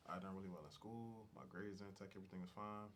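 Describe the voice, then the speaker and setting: A man's voice: deep voice, fairly even intonation, fast talker, fairly bright tone, a little hiss or hum. A young man telling his personal story as an interview guest, frank and emotional, with casual slang and plenty of fillers.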